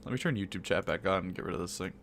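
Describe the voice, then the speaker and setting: A man's voice: low-pitched, rapid-fire, fairly bright tone, slight background noise. A male streamer talking casually on a live stream, often mumbling to himself while he searches his screen. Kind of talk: casual livestream chat.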